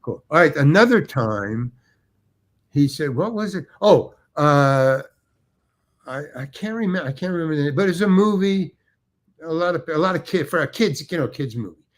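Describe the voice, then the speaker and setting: A man's voice: a little high, lively intonation, normal speed. An older man, a guest actor, telling rambling anecdotes with restarts and acted-out quotes. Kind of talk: anecdotal storytelling.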